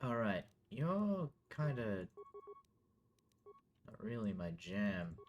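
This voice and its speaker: A man streaming a video game, chatting casually, swearing and yelling at enemies on screen. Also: fairly low pitch, extremely slow, lo-fi sound, noisy background. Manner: animated, swearing, talks to the game. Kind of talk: casual gameplay commentary.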